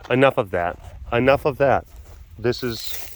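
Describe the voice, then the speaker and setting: A man's voice: mid-range voice, measured pace, a little hiss or hum. A man hosting a casual vlog, chatting playfully to big cats and cooing at them in baby-talk. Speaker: big cat facility keeper and show host. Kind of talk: casual chat to animals.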